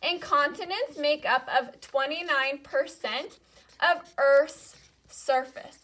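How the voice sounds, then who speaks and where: Bright, high-voiced teacher leading a repeat-after-me drill. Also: female voice. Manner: says each word slowly and has the class repeat it. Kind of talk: classroom lesson, call-and-response vocabulary drill.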